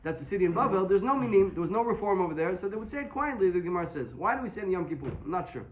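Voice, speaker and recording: Talmud teacher, male, high-pitched and rapid, animated explainer. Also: phone-quality sound, a little hiss or hum. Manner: quick, animated explaining, mixing Hebrew and English. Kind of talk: Talmud class.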